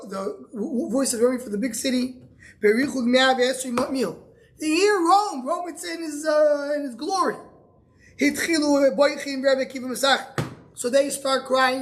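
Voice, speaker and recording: A rabbi with a strikingly high voice teaches a Talmud class, quoting the text line by line and then unpacking it in casual English. He halts frequently, repeating a word or two while he searches for the right phrasing.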